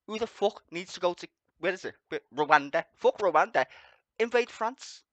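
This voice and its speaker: A man rants on his livestream in a mocking, foul-mouthed way, often laughing at his own jokes. His voice sits a bit high and swings widely in pitch. The sound is dry and close. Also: animated, normal speed, a bit bright, no room sound, muffled recording. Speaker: livestream host. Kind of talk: profane sarcastic ranting commentary.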